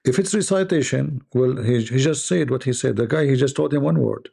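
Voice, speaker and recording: A man's voice: medium pitch, a little fast, creaky, warm tone, husky. A man giving sarcastic reaction commentary in non-native English, with rambling asides.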